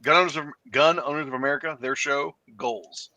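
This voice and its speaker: A man hosting a podcast, telling stories in a profane, animated way. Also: a little high, a little fast. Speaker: podcast host. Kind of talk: casual podcast banter.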